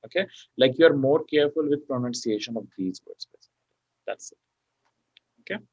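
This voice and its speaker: Male tutor, mid pitch, running an online lesson with lots of fillers; dry, muffled call audio. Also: animated, moderate pace, darkish tone, breathy edge, no room sound. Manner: explains step by step with many fillers like okay and you know. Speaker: PTE exam tutor. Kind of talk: online class lecture.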